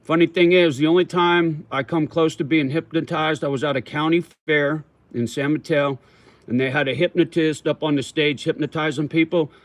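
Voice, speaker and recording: A man's voice: fairly high pitch, fairly even intonation, moderate pace, dry recording. A man hosting a casual livestream, answering viewer comments in a profane, slangy way and calling people homie and brother while he chews tobacco. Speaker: livestream host.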